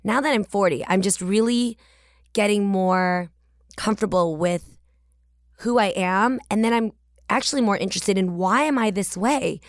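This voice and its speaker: A woman's voice: mid-range voice, moderate pace, no room sound, studio quality. Chatty woman in her forties hosting. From San Francisco Bay Area. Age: 40s. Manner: chatty, candid, casual slang and swearing. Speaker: podcast host. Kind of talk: casual podcast monologue.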